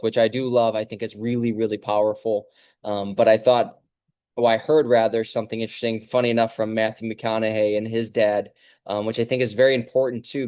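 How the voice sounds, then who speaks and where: A man and father giving a casual motivational talk, reflective and halting with many fillers. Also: mid-range voice, a little mellow, dry recording, clean studio sound. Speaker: clinic host.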